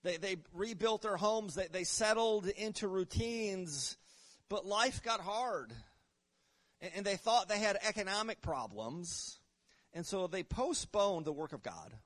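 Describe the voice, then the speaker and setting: Man preaching a sermon, swinging loud and soft. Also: animated, measured pace. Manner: preacher with wide swings in pitch and loudness, reading scripture aloud; repeats and restarts words, asks congregation "right?" and "Amen?". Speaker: pastor.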